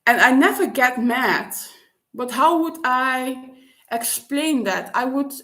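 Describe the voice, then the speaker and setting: Halting woman, slightly high. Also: expressive, a bit bright. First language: Dutch. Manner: halting, searching for words with frequent restarts. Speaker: vlogger. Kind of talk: personal reflective monologue.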